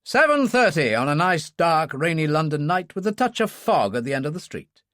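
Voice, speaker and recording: A man voicing an older male intelligence chief who speaks crisply and commandingly in an audiobook reading. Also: on the high side, very animated, moderate pace, fairly bright tone, no room sound, studio quality, voice pushed up. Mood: brisk.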